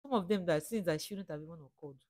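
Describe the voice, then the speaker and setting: A woman's voice: lowish voice, a little mellow, no echo. A young woman from Africa reading comments aloud and chatting about them in a reflective, casual way. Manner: chatty, reflective, reads quotes slowly then comments. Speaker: reaction video host.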